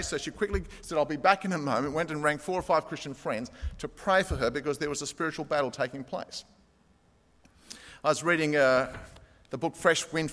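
A man delivering a sermon in a long-reverberating hall. His voice sits a little higher than most men's. He tells stories and reads quotes with building intensity. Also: a bit bright. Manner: storytelling, reads quotes aloud with rising intensity. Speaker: preacher.

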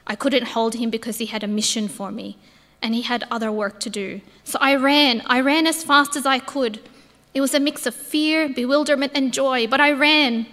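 A woman's voice: high voice, steady tone, normal speed, a bit bright. A woman acting as Mary Magdalene, reading a heartfelt first-person account in a church. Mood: joyful. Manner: earnest, heartfelt storytelling. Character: Mary Magdalene, grieving then overjoyed woman disciple. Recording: echoey church hall.

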